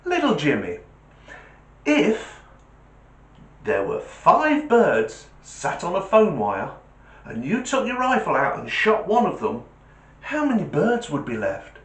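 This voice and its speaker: A man voicing a patient woman schoolteacher, using a raised, gentle teacherly voice. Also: high voice, huge pitch swings, slow, long pauses, voice pushed up, exaggerated voice. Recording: roomy echo.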